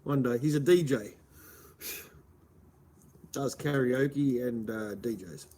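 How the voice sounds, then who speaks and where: Here a Melbourne live streamer with an Australian accent talks slowly in a dark, medium-pitched voice, with a little hiss or hum behind him. Casual and rambling, he answers his chat and uses "mate" often.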